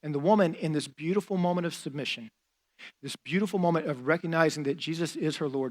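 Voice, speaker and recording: A man's voice: on the high side, fast talker. Conversational male pastor preaching. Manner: conversational preaching with fillers and acted-out quotes. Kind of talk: sermon.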